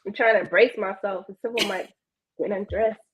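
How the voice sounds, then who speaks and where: A woman's voice: mid-range voice, fairly even intonation, normal speed, noisy background. A woman joining a casual panel chat, laid-back and laughing, leaning on lots of fillers. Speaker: panel guest.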